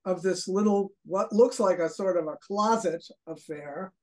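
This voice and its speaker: A woman's voice: lowish voice, moderate pace, darkish tone. An older woman from Brooklyn, a guest on an interview, chiming in briefly and finishing her partner's sentences. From Brooklyn, USA. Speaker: guest, former children's TV host. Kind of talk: casual interview chat.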